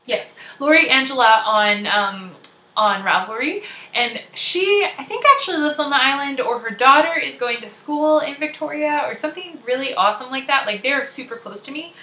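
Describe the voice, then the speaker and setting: Bubbly Canadian woman, bright voice. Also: high-pitched, expressive, normal speed, roomy sound. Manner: bubbly, chatty, giggly. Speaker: podcast host. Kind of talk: casual chat.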